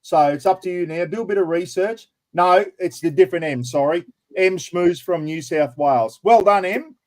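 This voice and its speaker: A man with an Australian accent hosting a casual livestream chat and prize draw, matey and quick to laugh. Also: high-pitched. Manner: chatty, matey, laughs easily. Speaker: livestream host.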